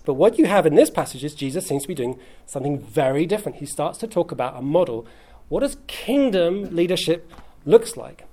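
A pastor preaches to his congregation in a relaxed, conversational way. He mixes humour into the teaching and keeps checking in with "okay?". His voice sits a little high for a man. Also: a little fast. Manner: conversational and humorous, with frequent "okay?" check-ins. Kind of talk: sermon. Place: church hall.

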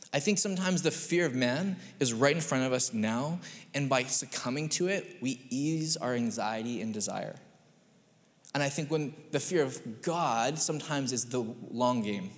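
A man in his thirties delivers a sermon from the pulpit, his voice sitting at an ordinary middle pitch. He tells stories with energy, slipping into quick acted-out voices for his kids and himself. A long church reverb trails behind every phrase. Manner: storytelling with animated acted-out quotes. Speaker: pastor. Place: church sanctuary.

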